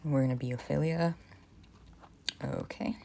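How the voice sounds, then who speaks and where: Low, creaky-voiced woman streamer. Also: measured pace, slight background noise. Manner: relaxed, thinks aloud with many "okay"s. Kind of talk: casual game playthrough and reading aloud.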